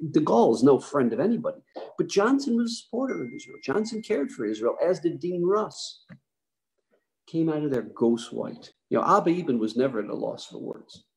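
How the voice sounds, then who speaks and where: A man, a rabbi, giving a history lecture with animated storytelling, emphatic and asking the audience questions. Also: mid-range voice, creaky, poor audio.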